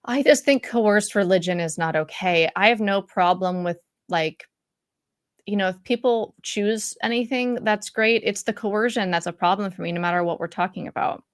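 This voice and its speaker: A woman's voice: medium pitch, moderate pace, no room sound, clean studio sound. A middle-aged woman hosting a live stream in a casual, rambling way, with lots of fillers and restarts. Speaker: YouTube live stream host. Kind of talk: casual live-stream chat reading comments. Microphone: studio mic for content creation.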